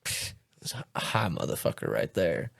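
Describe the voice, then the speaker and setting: A man's voice: rumbling low, wildly swooping pitch, moderate pace, creaky. A young man hosting a podcast, telling stories in a rambling way with lots of swearing and filler words. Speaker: podcast host. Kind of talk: casual chat.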